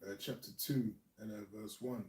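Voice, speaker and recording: Man, slow careful scripture reading, mellow tone, echoey room. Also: on the low side, fairly even intonation, a little hiss or hum. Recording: echoey room, far from mic.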